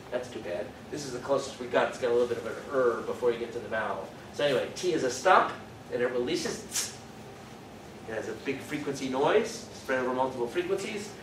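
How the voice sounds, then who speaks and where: A man's voice: mid-range voice, slight background noise. A man giving a university lecture, explaining step by step, thinking aloud and demonstrating vowel sounds. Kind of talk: classroom lecture. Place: lecture hall. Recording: echoey lecture hall from far off.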